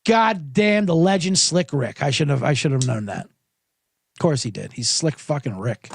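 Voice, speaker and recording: Rambling, lively-voiced male podcast host. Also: a little high, unhurried, creaky, slightly rough. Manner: rambling, profane, self-interrupting. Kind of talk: casual livestream chat.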